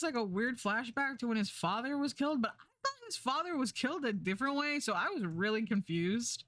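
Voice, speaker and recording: A woman's voice: fairly high pitch, very animated, fairly quick, few pauses, fairly bright tone, dry recording. A woman streamer chatting casually, rambling with lots of fillers and restarts, swearing and laughing as she recaps a show while doing a puzzle. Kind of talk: casual chat.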